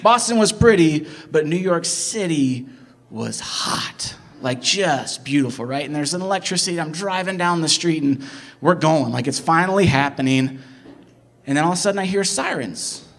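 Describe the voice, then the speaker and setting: A young man from the Midwest telling a personal story in an animated, excitable way, jumping from loud bursts to hushed asides and filling it with "like". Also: a little high, moderate pace. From American Midwest. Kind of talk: personal story told live.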